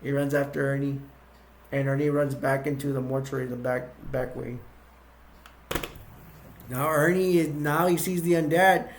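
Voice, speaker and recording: A man reviewing a movie by retelling its plot in a rambling, halting way, with many restarts. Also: medium pitch, steady tone, slight background noise.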